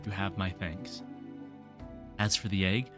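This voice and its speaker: A man's voice: low-pitched, steady tone, measured pace, music in the background. A man reading a grateful quest giver's lines aloud in a formal, old-fashioned manner while playing a game.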